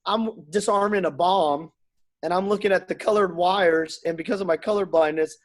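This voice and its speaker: Animated storytelling man, higher voice. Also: normal speed. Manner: animated, acts out dialogue in his stories. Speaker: guest. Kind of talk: casual storytelling.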